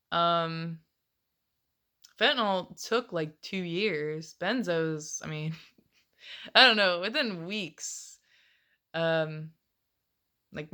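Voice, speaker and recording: A woman's voice: fairly low pitch, fairly bright tone. A woman in her late twenties rambling casually in a confessional vlog, swearing often and laughing between phrases. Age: late 20s. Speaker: vlogger.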